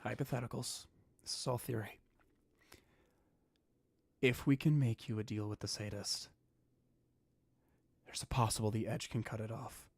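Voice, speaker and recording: Man running a tabletop game in hushed tones. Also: fairly low pitch, steady tone, normal speed, creaky, long pauses, slightly rough. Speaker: dungeon master.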